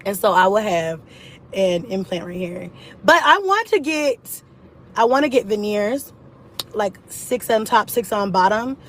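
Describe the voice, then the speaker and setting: A woman telling a personal story to her camera in a casual, animated way, with frequent swearing. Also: medium pitch, measured pace, slight background noise, poor audio. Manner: animated and profane, with laughs.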